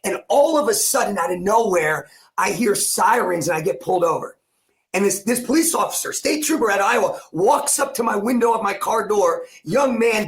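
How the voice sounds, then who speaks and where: Guesting on a podcast, this high-voiced New Jersey man in his forties, a coach, shares an emotional story from his own life. He repeats himself intensely and performs the words he quotes.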